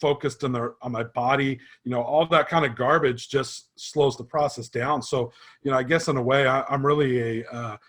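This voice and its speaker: A man runs a relaxed interview with a guest. His speech is easygoing and casual, filled with "you know" and "um" as he talks. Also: medium pitch, normal speed. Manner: casual, many fillers, laughs easily. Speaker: host and sports vision trainer. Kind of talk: conversational interview.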